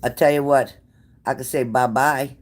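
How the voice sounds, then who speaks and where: A woman's voice: a bass voice, fairly even intonation, moderate pace. A woman hosting a casual livestream, blunt and sassy, cursing freely as she answers viewer comments. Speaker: livestream tarot reader.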